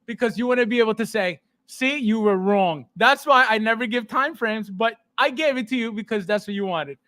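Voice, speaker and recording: A man's voice: extremely high pitch, fairly quick, pushed and bright, no room sound. A man hosting a casual livestream, greeting viewers by name and laughing often. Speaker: podcast host.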